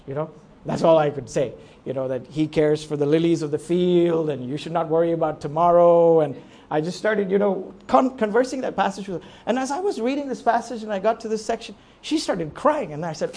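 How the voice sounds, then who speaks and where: A pastor with a high-pitched voice preaches briskly in a conversational way. He asks rhetorical questions and swings between quiet reflection and emphatic urging.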